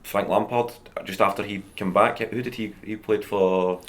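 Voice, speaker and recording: A man's voice: fairly low pitch, steady tone, moderate pace, fairly bright tone. A Scottish man in his thirties, a comedian guest chatting casually and telling stories with a lot of laughter. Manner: chatty storyteller, laughs often. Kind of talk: casual chat.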